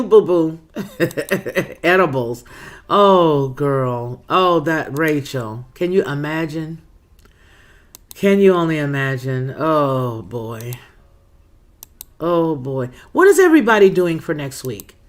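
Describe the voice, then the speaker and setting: A chatty woman hosts a laid-back livestream, reading out viewer comments one by one. Her greetings swoop up with animated warmth, and she calls viewers girl, baby and boo-boo. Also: sits low. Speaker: livestream host.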